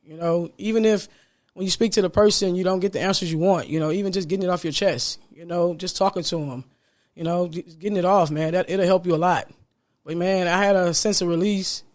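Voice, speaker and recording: A man's voice: high-pitched, fairly even intonation, fairly quick. A man hosting a podcast on his own, talking casually and from the heart, with a smile in his voice and "man" dropped in often. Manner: upbeat, smiling as he talks. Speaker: podcast host. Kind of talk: solo podcast monologue.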